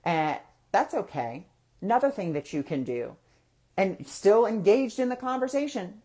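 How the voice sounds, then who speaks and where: Guy hosting a spiritual chat, talks casual, throws out questions to the listener, bit low and soft for a guy's voice? no, just easy and chatty. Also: sing-song, moderate pace. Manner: conversational, asks rhetorical questions and acts out quoted thoughts. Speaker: host of a spiritual discussion.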